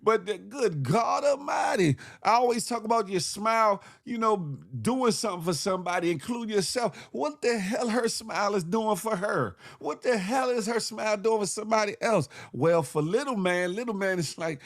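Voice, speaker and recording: A man hosting a morning show with comedic news commentary, animated, slangy and repeating himself as he jokes. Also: sits high, moderate pace, gravelly, few pauses.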